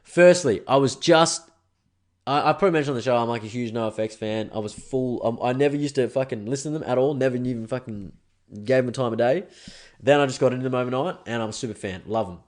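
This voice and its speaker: A man's voice: medium pitch, quick pace. A young Australian man hosting a podcast alone, ranting casually and swearing. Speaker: podcast host. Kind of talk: solo podcast rant.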